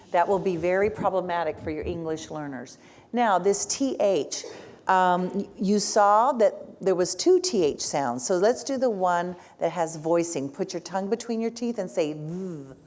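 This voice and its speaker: A woman's voice: lowish voice, a little mellow. A woman speech-language pathologist, a native Spanish speaker, leading an interactive workshop and having the audience repeat sounds.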